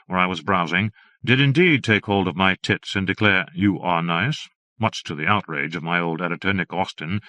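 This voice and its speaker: A man reads a horror story aloud in a measured, steady manner. His voice sits fairly low. The recording is dry, with no room sound. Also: no echo. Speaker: audiobook narrator. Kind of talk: scripted narration.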